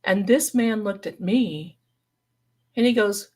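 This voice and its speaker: A woman's voice: medium pitch, slow, mellow. A woman telling a story on a live stream in a dramatic, folksy way, calling her listeners darlings. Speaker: paranormal storyteller guest.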